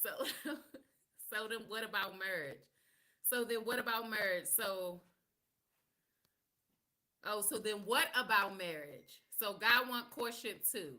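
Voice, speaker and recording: A woman's voice: medium pitch, slow, pauses often, sharp tone. A woman hosting a live podcast, telling stories in a candid, sassy, slang-heavy way. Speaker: podcast host. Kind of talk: casual live podcast chat.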